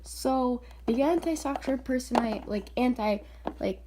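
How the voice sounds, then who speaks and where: A woman's voice: high voice, unhurried, noisy background. A woman vlogger telling a story in casual chat, filler-heavy and quoting voices with animation. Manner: chatty, filler-heavy, often says "like".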